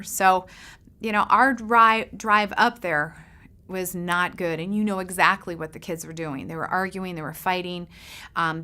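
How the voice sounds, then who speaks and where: A middle-aged woman, a parent coach, telling a lively personal story to parents and acting out the voices in it. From Seattle area, United States. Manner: animated storyteller, acts out quoted voices with big pitch jumps.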